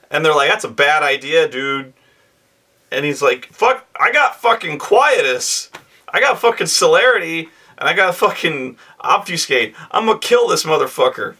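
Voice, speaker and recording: A man in his thirties telling a profane, animated story about a tabletop game, acting out his players' lines in raised voices. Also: mid-range voice. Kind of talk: casual storytelling monologue.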